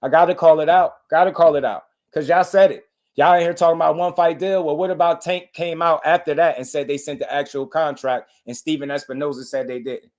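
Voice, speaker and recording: A boxing show host with a fairly high voice talks fairly quickly on a live stream, answering chat. He's animated and insistent, repeating himself and calling out viewers.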